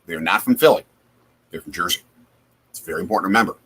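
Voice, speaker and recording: A man's voice: low-pitched, fast, a bit bright, husky. A man from Wisconsin hosting a casual live chat over a football game from his home basement, reacting aloud to plays. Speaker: host.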